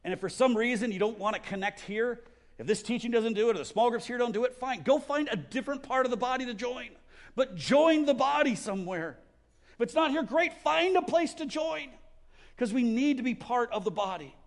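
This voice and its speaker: A man's voice: very high-pitched, animated, a little fast. A man preaching a sermon as a pastor, earnest and exhorting, often repeating words as he goes, and leading a closing prayer. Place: church service.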